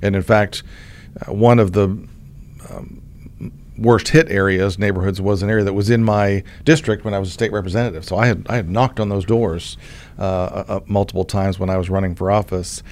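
A middle-aged Oklahoman, speaking as the state's insurance commissioner, hosts a casual conversational interview and tells a story in a relaxed way. His voice is low and moderately paced, and he often restarts his sentences.

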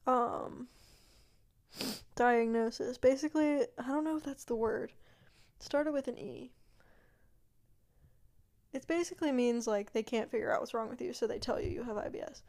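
A young woman hosting her own podcast, chatting casually and meandering with lots of fillers and asides, sometimes dropping to a quiet murmur. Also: a little high, normal speed, long pauses. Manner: yawning, drops to a quiet murmur at times. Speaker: podcast host. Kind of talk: casual solo chat.

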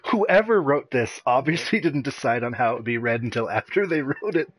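A man's voice: medium pitch, lively intonation, fairly quick, breathy edge, no room sound. A man hosting a casual gaming podcast, chatty and laughing often, with a slight lisp. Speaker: podcast host.

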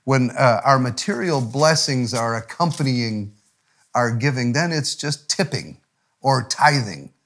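A middle-aged man preaches as a pastor at a medium pitch. He tells a personal story with halting restarts. At tender points his voice drops low and hushed, close to a whisper. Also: expressive. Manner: storytelling with frequent restarts, softening to a near whisper at emotional moments. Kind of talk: sermon.

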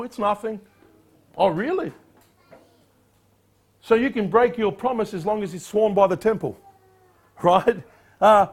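A man preaching a sermon, reading scripture aloud in a declamatory voice and urging his listeners with sharp, rising emphasis. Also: high voice, a little slow, long pauses. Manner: reads scripture in a louder, declamatory voice. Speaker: pastor.

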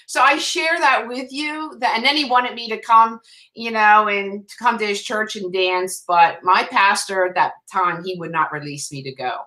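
A woman guest author sharing an emotional faith testimony in a halting, restarting way. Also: mid-range voice, bright, forceful tone, poor audio.

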